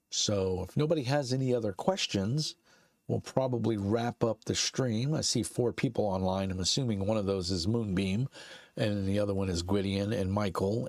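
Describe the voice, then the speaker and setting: The Brooklyn-accented host, a middle-aged man from Brooklyn, New York, chats and rambles on his basement livestream, full of "uh" fillers and laughter. His fairly low voice is creaky and slightly mellow, and the recording has no room sound.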